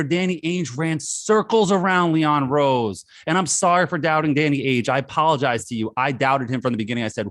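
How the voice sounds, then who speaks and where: A man's voice: mid-range voice, expressive, fairly quick, a bit bright, no room sound, studio quality. A man co-hosting a sports podcast, ranting angrily and exasperated. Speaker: podcast co-host.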